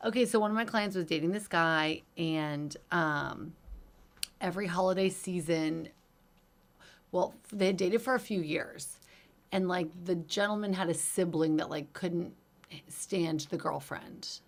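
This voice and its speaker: A woman co-hosting a casual podcast, telling stories in a lively way, acting out quotes and using lots of "like" and "um". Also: on the low side, unhurried. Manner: animated storyteller, lively acted-out quotes; many fillers like "like" and "um". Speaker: podcast co-host, hairstylist.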